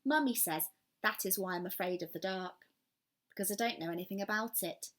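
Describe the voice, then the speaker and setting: A woman voicing a small, timid young male barn owl who turns huffy, lifting her pitch for him in a storybook reading. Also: lightly acted. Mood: curious. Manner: earnest, quickly huffy.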